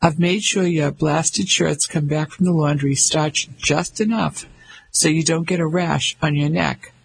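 A man with a raspy voice voicing a proud, indignant middle-aged English wife who speaks in clipped, cold tones. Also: on the high side, fairly even intonation, a little slow, slight background noise.

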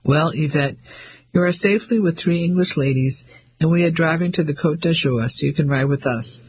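A man voicing a brisk young English lady who speaks in clipped, firm tones. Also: fairly high pitch, slight background noise, natural voice, poor audio.

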